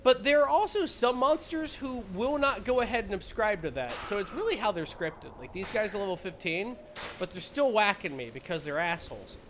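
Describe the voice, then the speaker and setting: A man's voice: sits high, animated, fairly quick, crowd noise. A young man streaming a game, explaining it in playful casual chat with silly sound words, game music behind.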